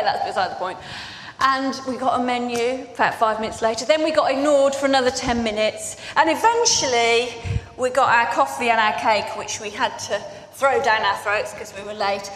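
Woman preacher, higher voice, chatty storytelling sermon, echoey church hall. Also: normal speed, a bit bright, a little hiss or hum. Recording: echoey hall with long reverb.

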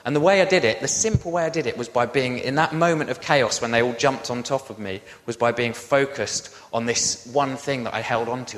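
A man, a pastor, telling a personal story in a sermon with lively, self-deprecating asides. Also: medium pitch, a little fast, few pauses, long reverb tail.

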